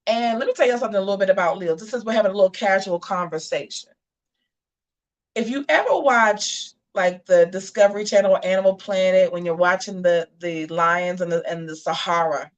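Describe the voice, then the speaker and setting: A woman hosts a laid-back live chat with her viewers. Her voice sits at an ordinary middle pitch. She tells stories in a sassy, animated way and talks straight to her audience. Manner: sassy, animated storytelling, addresses viewers as y'all. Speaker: host of a live gossip and commentary show.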